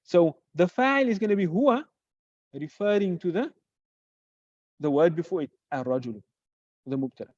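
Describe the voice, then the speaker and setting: Grammar teacher, asks and answers own questions, mellow dark tone, dry dull lo-fi sound. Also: mid-range voice, lively intonation, dry recording. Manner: repeats example phrases slowly. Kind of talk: classroom lecture. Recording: dull lo-fi recording.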